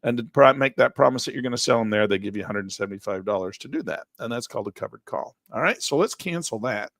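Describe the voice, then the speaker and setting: A middle-aged man giving a live trading lesson in a folksy, upbeat way, losing his voice and clearing his throat. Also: medium pitch, fast, a bit bright, no echo, studio quality. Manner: folksy, upbeat, talks while clicking through charts. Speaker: trading instructor.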